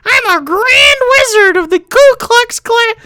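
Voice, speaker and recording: A man's voice: very high voice, expressive, a little slow, noisy background, voice pushed up. A man putting on a whiny, mocking voice for a self-important male cult leader who plays at being a wizard.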